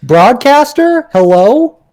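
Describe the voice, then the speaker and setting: A man's voice: extremely high pitch, big pitch swings, slow pace, a little mellow, pitched above the performer's own voice, full character voice. A man putting on the voice of a whiny, entitled young male viewer making demands. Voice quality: whiny, nagging.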